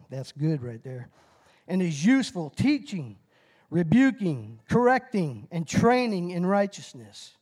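High-voiced guy preaching a quick sermon, folksy, gets fired up and hollers woo. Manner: excitable, bursts into shouted whoops; folksy, self-deprecating about his nerves. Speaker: lay preacher. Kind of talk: short timed sermon with call-and-response.

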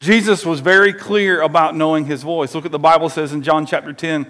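A man's voice: a little high, steady tone, fairly quick, fairly bright tone. A man in his forties preaching a sermon as pastor, talking conversationally and leading the congregation in call-and-response.

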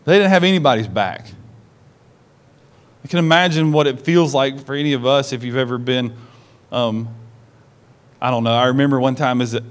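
Delivering a sermon at a church service, a medium-pitched pastor tells stories with animation, performing the lines he quotes and asking his congregation questions directly.

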